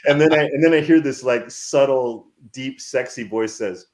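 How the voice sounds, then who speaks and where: A man in his fifties, a filmmaker guest telling stories in a casual interview, animated and rambling with many restarts. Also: mid-range voice, moderate pace.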